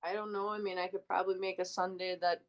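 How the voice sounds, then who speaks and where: A woman's voice: fairly low pitch, flat delivery, quick pace. A woman, a tabletop game player, talking through her work schedule in casual chat with hesitant restarts.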